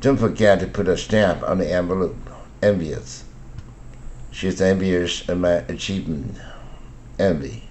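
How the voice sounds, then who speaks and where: An older man reads English vocabulary words and example sentences for learners. His voice is very low and his pace unhurried and deliberate. A faint hum of room ambience sits behind him. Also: a little mellow. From Taiwan. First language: Mandarin. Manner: slow, deliberate word-by-word reading. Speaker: English pronunciation teacher.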